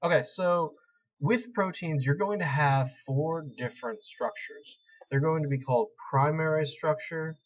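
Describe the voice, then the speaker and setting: A man's voice: fairly high pitch, a little slow. A young man giving a casual screen-recorded tutorial, rambling and self-deprecating as he explains. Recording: slightly dull lo-fi mic.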